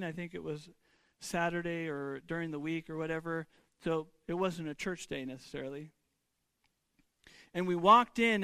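A man's voice: high voice, fairly bright tone, clean tone, no room sound. A man who is a pastor, giving a sermon in a conversational way, with rhetorical questions and frequent restarts.

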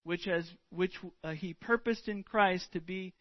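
Slow, earnest high-voiced preacher. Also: male voice, no room sound, muffled recording. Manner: earnest, deliberate, drawn-out emphasis. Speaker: pastor. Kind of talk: sermon.

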